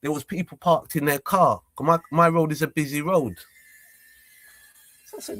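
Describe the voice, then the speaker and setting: A young man recounts a confrontation in an animated, repetitive way, voicing both sides of the argument. His voice sits a little high. The recording is dry and close. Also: normal speed, long pauses, no room sound. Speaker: vlogger. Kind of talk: casual storytelling.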